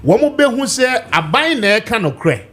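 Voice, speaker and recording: A man's voice: very high-pitched, big pitch swings, moderate pace, fairly bright tone. A man with a Ghanaian accent speaking as a panelist in a political talk show debate, questioning and mixing English and Twi.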